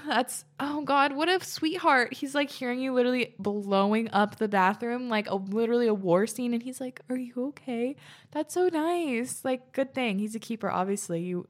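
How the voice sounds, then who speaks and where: A young woman host reading listeners' stories aloud and reacting between them, chatty and laughing often, swearing casually. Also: medium pitch.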